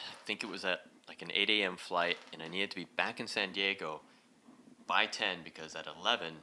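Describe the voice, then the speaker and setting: A man giving an inspirational talk to a live audience, telling a story in a lively way and laughing often. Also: deep voice, a little hiss or hum. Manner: animated, laughing as he acts out the story. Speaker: speaker leading a heart talk. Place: event hall.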